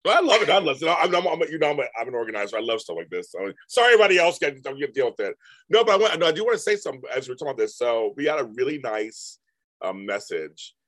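A man co-hosting a casual chat podcast, emotional and animated, often repeating himself. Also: medium pitch. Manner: animated, emotional, quick repetitions. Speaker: podcast co-host.

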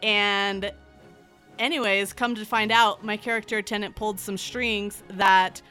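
A woman telling a personal story in a casual, expressive chat. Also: mid-range voice, a little slow, clear, resonant tone, soft background music. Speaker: podcast panelist.

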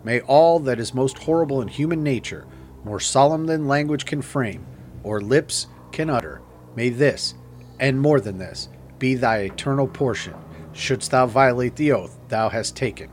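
A man's voice: medium pitch, moderate pace, slight background noise, lightly acted. A man playing a fiendish stranger who speaks in theatrical, menacing old-fashioned declamation. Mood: menacing curse. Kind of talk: audiobook character reading.

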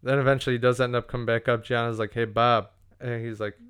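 A man's voice: medium pitch, flat delivery, very fast, clean tone. A young man casually telling a profane story on a podcast, acting out what everyone said.

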